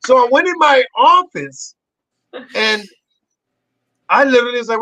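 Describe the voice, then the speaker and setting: A middle-aged podcast guest tells a story in a high, bright voice, cussing freely and jumping sharply up in pitch whenever he acts out what someone said. He speaks at a measured pace with frequent pauses. The low-quality recording is close and dry, with no echo.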